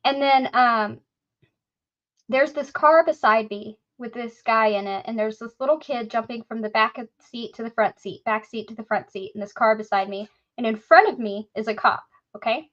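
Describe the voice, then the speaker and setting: A woman's voice: fairly high pitch, moderate pace, dull audio. A woman casually telling a story on a podcast, acting out the voices of the people in it. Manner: animated, acts out quoted voices.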